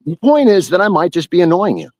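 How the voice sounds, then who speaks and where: A man's voice: high voice, very animated, fast, darkish tone, no room sound, rough recording. A man hosting a live stream, chatting casually in a rambling, playful and earnest way. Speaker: livestream host.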